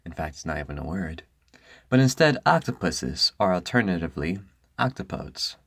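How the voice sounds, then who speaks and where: A woman's voice: rumbling low, animated, moderate pace, husky, dry recording, clean studio sound. A woman reading a scripted voice-over narration, often stopping to correct herself and restart lines.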